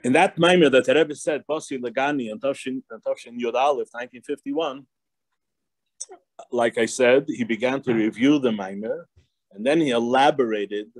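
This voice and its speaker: Rabbi giving a loose storytelling class. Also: male voice, mid-range voice, normal speed, no room sound. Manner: digressive storytelling with frequent laughs and restarts. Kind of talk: informal Torah class.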